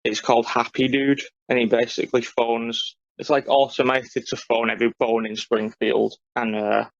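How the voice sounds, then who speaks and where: Dry matter-of-fact podcast guy, gravelly low rasp, flat, dull lo-fi mic. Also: moderate pace. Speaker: podcast co-host. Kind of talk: casual chat.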